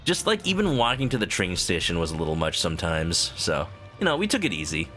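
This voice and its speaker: A man's voice: deep voice, huge pitch swings, a little fast, bright, forceful tone, soft background music. A man chatting casually with viewers while playing a game on stream, rambling with lots of "like" fillers.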